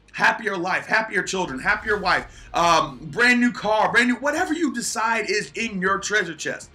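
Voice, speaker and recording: A man giving an earnest, repetitive motivational talk to his listeners, with soft music behind him. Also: high-pitched. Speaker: motivational speaker.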